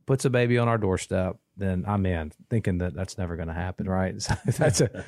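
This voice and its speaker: A man, telling a long story in casual podcast chat, rambling and restarting, animated when he quotes people. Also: sits low, brisk, no echo, clean studio sound. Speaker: podcast co-host.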